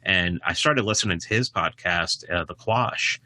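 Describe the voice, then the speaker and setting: A man talks as a podcast guest in a rambling, casual way. He restarts his sentences and leans on filler phrases, and his pitch jumps suddenly when he gets animated. His voice sits fairly low with a forceful, bright edge, recorded dry and close. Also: normal speed, dry recording. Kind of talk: casual conversation.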